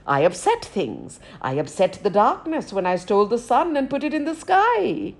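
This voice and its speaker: A woman's voice: very animated, normal speed. A woman storyteller voicing a sly, persuasive male raven, a trickster who coaxes in a raised, cheeky voice. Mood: coaxing. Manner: coaxing, cheeky, high-pitched.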